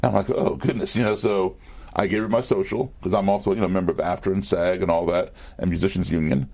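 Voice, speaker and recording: A man, a musician interview guest, telling an anecdote in a relaxed conversational way, full of fillers and restarts, in a TV studio. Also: low-pitched, fast, creaky. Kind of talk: storytelling in conversation.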